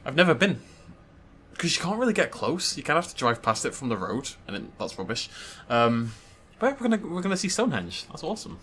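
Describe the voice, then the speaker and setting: A man chatting casually and excitably over his gameplay, swearing lightly as he goes. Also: a little high, a little fast, a little hiss or hum. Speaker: let's play host.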